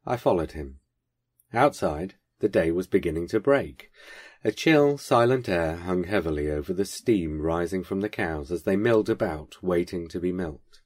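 A man with a deep voice and a husky, slightly rough edge reads a first-person story aloud. His delivery is measured and lightly wry. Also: expressive, a little mellow. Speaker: podcast host reading a story.

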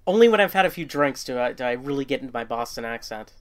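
A man co-hosting a podcast, trading quick, playful banter with the host. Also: medium pitch, very animated. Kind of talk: casual chat.

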